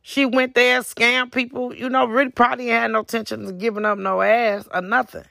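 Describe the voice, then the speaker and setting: Gravelly, profane storyteller. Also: mid-range voice, brisk, dry recording, studio quality. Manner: profane, animated, lots of acted quotes. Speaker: podcast host and author. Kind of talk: casual storytelling monologue.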